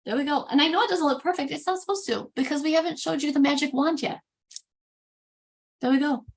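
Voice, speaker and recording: Chatty high-voiced woman demoing makeup. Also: brisk. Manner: chatty, animated, self-interrupting. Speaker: makeup demo host. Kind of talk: casual live makeup tutorial.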